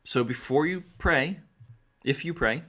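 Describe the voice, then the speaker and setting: A middle-aged man speaks direct to camera with a fairly high, fairly bright voice at a measured pace. He gives earnest, direct advice, coaching listeners and repeating key phrases for emphasis.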